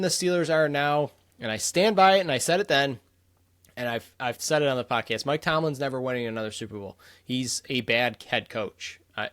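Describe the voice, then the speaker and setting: A man's voice: mid-range voice, a bit bright. A young man co-hosting a casual sports podcast, opinionated and blunt, rattling off scores and verdicts. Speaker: podcast co-host.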